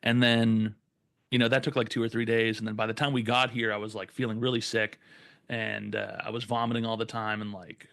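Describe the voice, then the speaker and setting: A man's voice: lowish voice, a little fast, creaky, dry recording. A young man casually telling a long story on a podcast, swearing often and acting out the people in it. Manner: profane, animated retelling with quoted voices. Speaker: podcast co-host.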